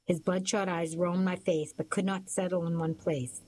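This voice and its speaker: A woman narrating a first-person novel as an audiobook, in a steady storytelling manner. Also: on the low side, moderate pace, poor audio.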